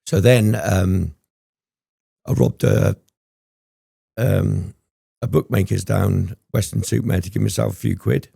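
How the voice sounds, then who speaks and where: A man's voice: fairly low pitch, slow, vocal fry, pauses often, warm tone, husky, no echo, clean studio sound. A man telling his story as a podcast guest, rambling and swearing often, with frequent ums. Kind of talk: candid storytelling interview.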